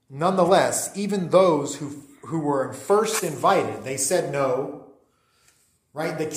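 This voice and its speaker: Man giving a chatty sermon in an echoey hall. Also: a little high. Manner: conversational, frequent fillers and restarts, asks listeners to agree. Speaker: pastor.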